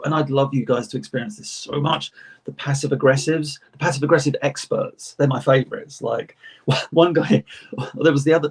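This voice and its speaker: A man's voice: medium pitch, slightly rough. A man, an author on a panel, telling rambling convention anecdotes in casual chat with frequent laughs.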